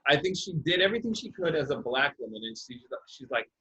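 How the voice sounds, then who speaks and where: A man, a comedian guest on a video call, chatting casually, animated and incredulous. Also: quick pace, dull audio. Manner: animated, incredulous, pitch leaping up.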